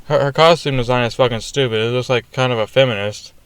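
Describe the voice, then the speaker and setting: A young man in a loose, ranting movie review, peppered with swearing and filler words. His voice is smooth and clear, and it is recorded dry and close with almost no room sound. He sits at a middling pitch for a man. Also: fast, a bit bright, no room sound. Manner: ranting, profane, frequent fillers. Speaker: film reviewer. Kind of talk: casual spoken movie review.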